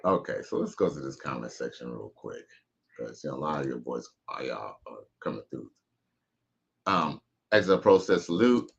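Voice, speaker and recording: A man with a very low voice chats casually on his live stream, reading viewer comments and riffing in relaxed slang. His voice comes through muffled and dull. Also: a little fast, creaky. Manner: laid-back slangy banter, reads chat aloud.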